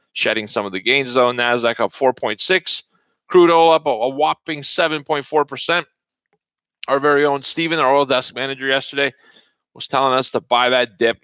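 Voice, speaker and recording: Gravelly, forceful male trading host. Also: medium pitch, dry recording. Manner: casual, chatty, greets viewers by name. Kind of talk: live market update stream. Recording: dull lo-fi stream audio.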